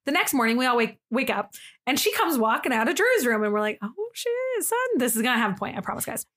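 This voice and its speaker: A young woman co-hosts a podcast and spins a story in casual chat. Her voice sits a little high, and she is animated, laughing often and putting on voices for the people in her tale. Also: quick pace. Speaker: podcast co-host.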